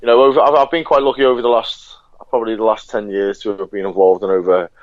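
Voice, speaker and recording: Chatty British actor, laughing often. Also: male voice, fairly low pitch, steady tone, fast talker, no room sound. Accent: British regional. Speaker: podcast guest, actor. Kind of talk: casual chat. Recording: dull lo-fi sound, dry.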